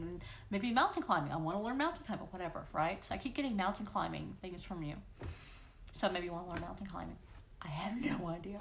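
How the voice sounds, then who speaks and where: A woman's voice: lowish voice, quick pace, a little hiss or hum. A woman hosting a weekly live question-and-answer stream, talking casually and encouragingly to viewers and playfully acting out voices. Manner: playful, encouraging, often acts out quoted voices. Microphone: livestream computer microphone.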